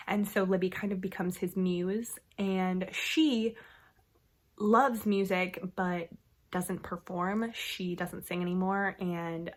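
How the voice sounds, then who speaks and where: A woman talking casually to camera as a book vlogger, full of fillers like "like" and "um", swearing now and then. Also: medium pitch. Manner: chatty, filler-heavy with frequent "like" and "um". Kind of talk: casual book recommendation vlog.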